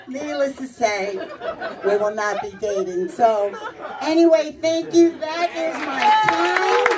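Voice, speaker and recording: A woman's voice: extremely high pitch, very noisy. A middle-aged woman doing a stand-up comedy set, brash and chatty, laughing through her punchlines. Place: comedy club stage with audience. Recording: distant club recording with crowd laughter.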